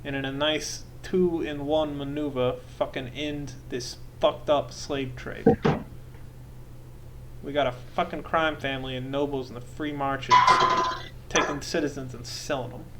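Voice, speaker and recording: This is a blunt, swearing crime-family boss with a gruff edge, as a man acts him out at the table. His voice sits in a middle register. The recording carries clear background noise. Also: medium pitch, steady tone, unhurried, lightly acted. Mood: blunt anger. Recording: noisy home recording.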